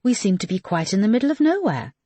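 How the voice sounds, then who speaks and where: A woman voicing a poised, capable young woman who speaks politely and briskly, her lines lively in pitch. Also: breathy edge, no echo.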